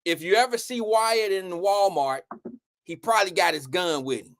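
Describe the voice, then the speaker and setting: Animated, profane man hosting a live show. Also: sits high, normal speed. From Ohio. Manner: animated, profane, rambling storyteller. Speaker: show host. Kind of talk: casual live-stream talk.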